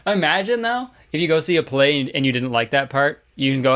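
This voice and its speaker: A sarcastic man riffing on clips in comedy commentary, his pitch leaping around as he reacts in disbelief. He swears freely and jokes dryly. Music plays under his voice. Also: sing-song, a little fast, fairly bright tone. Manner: sarcastic, profane, incredulous. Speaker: video commentator.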